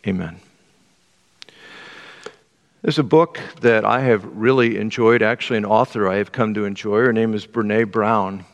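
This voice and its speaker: Pastor preaching in a reverberant hall. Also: male voice, on the low side, moderate pace, creaky, pauses often, highs cut off. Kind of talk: sermon with read excerpt.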